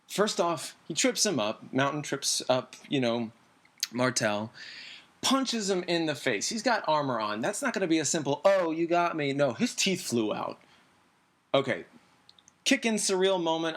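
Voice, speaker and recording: A man hosting a casual podcast, rambling and excitable, acting out the scenes he retells. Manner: excitable, acts out scenes with sudden jumps in pitch; rambling, many fillers. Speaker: podcast host. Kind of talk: casual TV recap chat.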